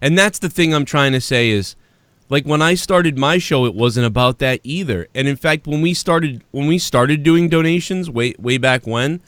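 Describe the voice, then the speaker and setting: A man's voice: on the high side, moderate pace, fairly bright tone, no room sound. A man hosting a podcast in casual chat, rambling and profane, with frequent restarts. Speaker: podcast host.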